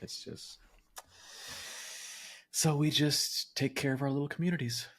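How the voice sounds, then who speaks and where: A man's voice: fairly high pitch, steady tone, measured pace, fairly bright tone. A man co-hosting a podcast in casual chat, reflective and wry, often restarting his sentences as he thinks aloud. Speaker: podcast co-host.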